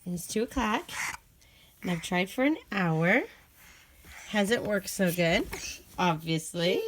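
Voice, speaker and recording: A woman's voice: on the low side, lively intonation, slow, long pauses, a little hiss or hum. A young mother at home, playfully coaxing and questioning her toddler at bedtime in a casual home video.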